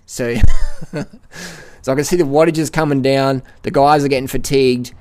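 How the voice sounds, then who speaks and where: A man's voice: medium pitch, unhurried, long pauses, clear, resonant tone. Man commentating his own bike climb. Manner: excited play-by-play, repeats phrases. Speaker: cycling vlogger. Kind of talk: live ride commentary. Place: outdoors, riding a bike up a hill.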